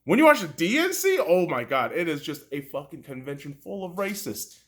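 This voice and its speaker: A man hosting a podcast, delivering a heated, profane, mocking political rant that swings from loud outbursts to low muttering. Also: very animated, fairly quick. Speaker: podcast host.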